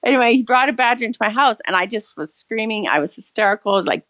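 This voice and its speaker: A woman's voice: fairly high pitch, lively intonation, fast, fairly bright tone, dry recording. A retired woman in her sixties, a former teacher, telling a long personal story in a rambling, earnest way with frequent restarts. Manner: earnest, rambling, laughs often. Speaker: caller sharing a story. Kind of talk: casual storytelling.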